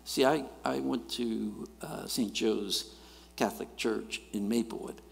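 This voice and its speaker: A middle-aged man, preaching a sermon and telling stories in an animated way, swinging between loud and quiet. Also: lowish voice, unhurried, gravelly. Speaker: guest preacher. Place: church sanctuary. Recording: church hall reverb.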